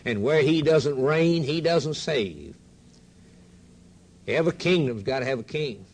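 A man with a fairly high voice preaches a fervent, rhythmic, repetitive sermon, swinging between loud declarations and hushed quotations of scripture.

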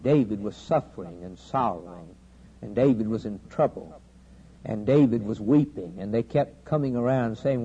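Dark-voiced preacher man, lo-fi. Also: lowish voice. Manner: preaching cadence, rising to loud emphatic climaxes, dramatic pauses. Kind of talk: sermon. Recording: dull lo-fi sermon recording with faint hiss.

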